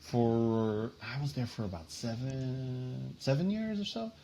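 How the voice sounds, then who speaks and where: Speaking slowly in a warm, medium-pitched voice with slight background noise, a central New Jersey man in his thirties chats as a guest artist. The casual interview finds him rambling, chatty, laughing often and leaning on fillers.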